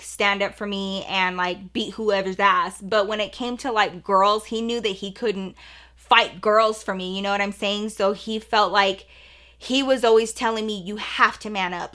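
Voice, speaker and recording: A young woman tells a personal story in a casual, chatty way, leaning on "like" and slipping into the voices of the people in it. Her voice is bright and clear. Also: mid-range voice. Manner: chatty, many "like" fillers, acts out quoted lines. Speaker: storytime vlogger.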